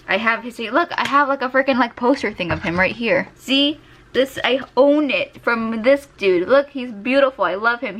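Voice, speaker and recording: Recorded with a desk USB microphone and slight background noise, a young art vlogger chats casually as she draws. She giggles and gushes over her favorite characters in a medium-pitched, fairly bright voice.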